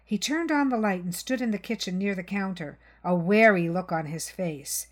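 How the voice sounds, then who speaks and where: A woman reading a crime short story aloud in a measured narration. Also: mid-range voice. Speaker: reader.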